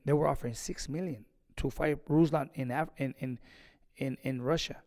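Gravelly man telling a trainer's story. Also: medium pitch, normal speed, in a large hall. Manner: animated, re-enacts conversations. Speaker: boxing trainer. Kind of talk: storytelling in an interview.

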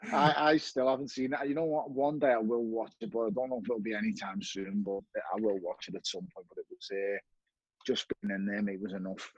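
Guest spot: man, husky voice, candid and reflective, dry dull sound. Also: fairly low pitch, steady tone, brisk, dry recording. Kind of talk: casual chat.

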